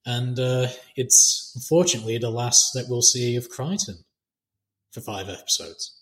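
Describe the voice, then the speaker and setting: A man with a mid-range voice chats as a podcast co-host, excited about a TV episode and laughing often. He drops into put-on voices to quote lines. His voice carries a roomy echo. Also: mid-range voice, moderate pace. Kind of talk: casual chat recapping a TV episode.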